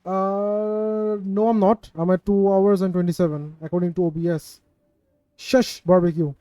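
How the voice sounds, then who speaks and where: A man's voice: high-pitched, little pitch movement, a little slow, warm tone, clear, resonant tone, dry recording. A man casually chatting with viewers on his game stream, rambling and self-mocking, swearing when something goes wrong. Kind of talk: casual live-stream chat with viewers while gaming.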